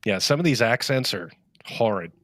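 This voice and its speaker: A man's voice: on the low side, expressive, moderate pace, fairly bright tone, dry recording, clean studio sound. A man from Rhode Island, co-hosting a chat show with crude, scornful remarks. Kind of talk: casual live-stream chat.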